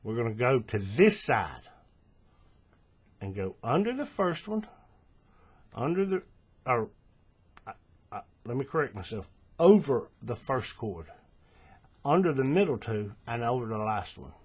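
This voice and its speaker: A man hosting a hands-on crafting tutorial, explaining each step in a relaxed way, checking in with the viewer and correcting himself as he goes, recorded at a table on the camera's own mic. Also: mid-range voice, measured pace, pauses often, breathy edge. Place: indoors at a table, working close to the camera.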